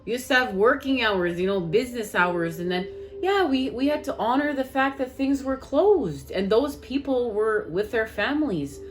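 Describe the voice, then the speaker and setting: A woman's voice: fairly high pitch, expressive, moderate pace, slight background noise. A woman with a Canadian accent gives a casual spiritual talk to her viewers, earnest and repetitive, often calling them guys. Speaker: spiritual tarot reader.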